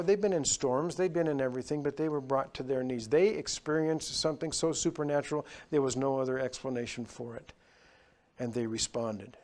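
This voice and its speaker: A man preaching a sermon, swinging between loud, raised passages and quiet, lowered ones. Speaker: pastor.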